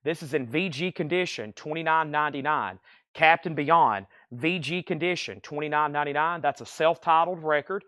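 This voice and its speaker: A man's voice: fairly high pitch, moderate pace, a bit bright, no echo, clean studio sound. A man selling records on a live stream, running through prices, conditions and thanks to buyers in an easy chatty way. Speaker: record shop livestream seller. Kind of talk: live sales stream patter.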